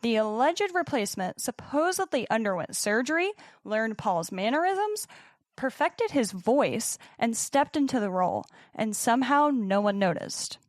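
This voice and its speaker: A young woman co-hosting a podcast, telling a story in partly scripted narration with dramatic pauses and casual swearing. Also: on the high side, sing-song, dry recording, clean studio sound. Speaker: podcast co-host.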